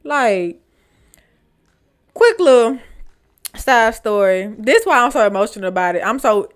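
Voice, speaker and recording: A woman hosting a storytime vlog. She reads online posts aloud and reacts to them in an animated, dramatic, slangy way. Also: on the high side, a little slow, clean tone, soft background music. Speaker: storytime vlogger.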